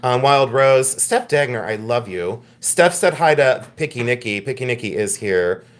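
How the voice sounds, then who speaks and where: A man hosting a live jewelry sale stream, chatting excitedly, joking and laughing with viewers. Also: mid-range voice, moderate pace. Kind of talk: casual live-stream sales chat.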